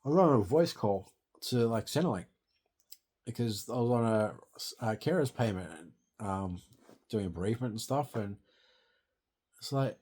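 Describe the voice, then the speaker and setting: A man's voice: mid-range voice, animated, measured pace, pauses often, darkish tone, slightly rough. A young Australian man in distress, grieving and venting in a rambling, sweary monologue into his phone.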